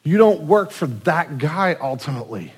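Pastor, male, slightly higher-pitched voice, relaxed sermon delivery full of acted-out asides. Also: normal speed, husky. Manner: conversational preaching with acted-out quotes and restarts.

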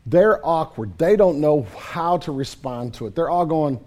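High-voiced pastor, conversational sermon. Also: male voice, expressive, normal speed, hardly any pauses, dark tone. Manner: casual, conversational preaching with vivid retelling.

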